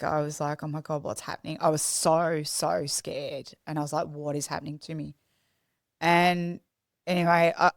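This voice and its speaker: A young woman with a low voice tells her story as a podcast guest. She speaks in a raw, confessional way and often stops and restarts. The sound is close and dry. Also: smooth, dry recording. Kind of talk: candid personal storytelling.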